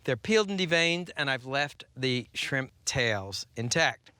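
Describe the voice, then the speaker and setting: A middle-aged man hosting a TV cooking show, delivering punchy scripted lines and measured step-by-step instructions. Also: mid-range voice, lively intonation, sharp tone. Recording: broadcast audio with music bed.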